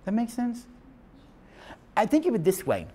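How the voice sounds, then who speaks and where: Emphatic man lecturing couples, lively pitch. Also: normal speed, a little hiss or hum. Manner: emphatic, preacher-like, asks the class questions. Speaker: marriage teacher.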